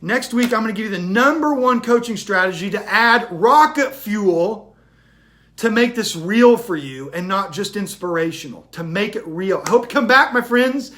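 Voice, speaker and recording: A man's voice: sits high, animated, normal speed, fairly bright tone. A man giving a motivational talk in an emphatic, repetitive style that builds in intensity. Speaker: motivational speaker.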